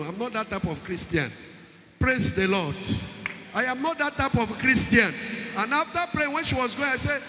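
Nigerian male pastor, very high bright voice, sermon in an echoey church hall. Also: big pitch swings, normal speed, pauses often, a little hiss or hum. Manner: preaching with pidgin asides, shouting at times.

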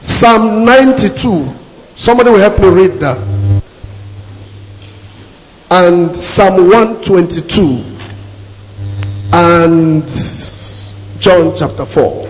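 A man's voice: high voice, expressive, takes it slowly. A man preaching a sermon as pastor, emphatic and repeating his key phrases to the congregation. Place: church hall. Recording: echoey hall with long reverb.

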